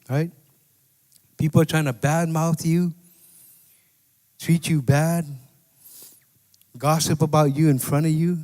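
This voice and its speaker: A man preaches a sermon in a conversational way, checking in with his listeners as he goes. His voice sits a little high for a man. The sound carries a long reverb, as if from a church hall. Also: a little slow, pauses often, mellow. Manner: conversational preaching with repeated "right?" and scripture quotes. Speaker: pastor.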